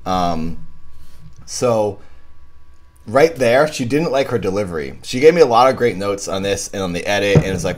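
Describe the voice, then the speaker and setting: A man's voice: lowish voice, moderate pace, slight background noise. A man hosting a live stream, chatting casually about his own short film and thanking donors. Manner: rambling, animated, thanks donors warmly. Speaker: filmmaker hosting a live viewing commentary.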